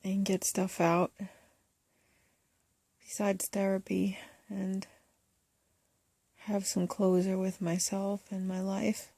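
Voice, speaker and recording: Soft, halting woman with a gravelly edge. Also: medium pitch, little pitch movement, dry recording, clean studio sound. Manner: soft-spoken, halting, hesitant. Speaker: first-time filmmaker. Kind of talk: confessional documentary talk.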